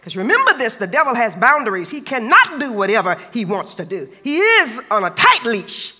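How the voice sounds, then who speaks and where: Animated, piercingly bright preaching man. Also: very high-pitched, moderate pace, long reverb tail. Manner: emphatic, colloquial, repeats phrases for stress. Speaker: pastor. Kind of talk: preaching a sermon.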